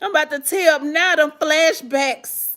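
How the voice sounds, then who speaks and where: A woman hosting a vlog, chatting casually and reading viewer comments, animated and dramatic with slangy asides. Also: high-pitched, measured pace. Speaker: vlog host answering viewer questions.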